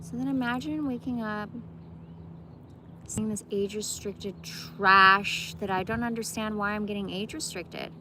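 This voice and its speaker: A woman's voice: medium pitch, moderate pace, background noise. A woman in her forties chatting casually to her phone camera outdoors, rambling and slangy, profane, saying bro a lot. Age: 40s. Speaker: vlogger. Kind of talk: casual vlog chat. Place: outdoors in a park.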